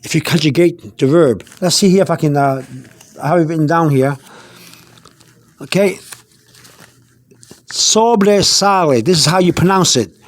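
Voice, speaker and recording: A man's voice: on the high side, moderate pace, pauses often, no room sound. A man giving a casual spoken language lesson, repeating himself with many fillers and restarts. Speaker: language teacher.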